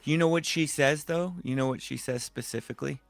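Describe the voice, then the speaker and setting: A man's voice: on the high side, a little fast, gravelly, dry recording, faint music behind. A middle-aged man co-hosting a casual podcast, teasing his friend with mock-serious jokes. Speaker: podcast co-host. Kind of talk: casual chat.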